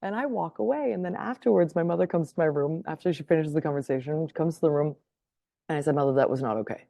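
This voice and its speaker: As a podcast guest, a woman casually tells a personal story in conversation, laughing often and checking in with her listener. Her voice is low, warm, mellow, and creaky, and she talks quickly; the recording is dry and close with no room sound.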